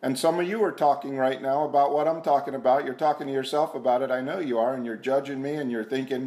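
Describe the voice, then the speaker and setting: A man giving an earnest, self-mocking personal testimony at a recovery meeting, repeating himself and sometimes dropping to a hushed voice. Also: mid-range voice, steady tone, fast, hardly any pauses. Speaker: speaker sharing at a recovery meeting. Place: meeting room.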